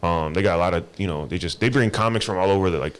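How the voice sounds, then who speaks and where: A man's voice: sits low, very fast, smooth. A man in his thirties, a comedian guest, chatting loosely on a podcast with plenty of slang. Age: 30s. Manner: loose slangy talk, lots of "bro". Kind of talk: casual podcast chat.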